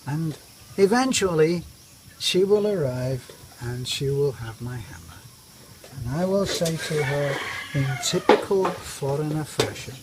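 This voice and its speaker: A man's voice: a little high, animated, a little slow. A middle-aged British man telling a wry, self-mocking story in a casual vlog. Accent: British English. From Britain. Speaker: expat vlogger. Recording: noisy outdoor recording.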